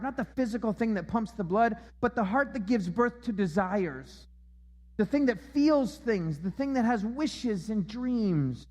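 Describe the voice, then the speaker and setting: Man, pastor, very high voice, emphatic sermon, long church-hall reverb. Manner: emphatic, repeats key phrases. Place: church auditorium.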